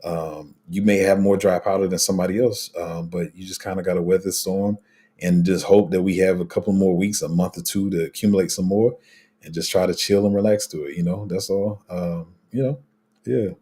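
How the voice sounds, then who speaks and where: Low husky laid-back man. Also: steady tone, a little fast, dark tone. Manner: rambling, many fillers and restarts, laid-back slang. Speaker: crypto livestream host. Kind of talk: casual livestream chat reading viewer comments.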